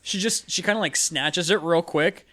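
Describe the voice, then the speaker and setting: A man's voice: a little high, moderate pace, pushed and bright. A man narrating as game master in a casual tabletop session, rambling with many fillers. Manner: rambling, lots of filler likes, laughs often.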